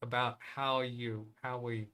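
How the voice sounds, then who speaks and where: Guy running a live windows help stream, bright forceful voice, rambles and thinks out loud. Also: mid-range voice, level tone, measured pace. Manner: rambling, thinks aloud, reads viewer emails. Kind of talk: casual live-stream tech chat.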